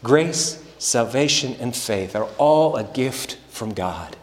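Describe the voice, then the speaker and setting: Slow-speaking preacher in an echoing church. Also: male voice, medium pitch, expressive. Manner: slow and preacherly, with rising emphatic passages. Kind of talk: sermon. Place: church sanctuary. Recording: echoey hall with long reverb.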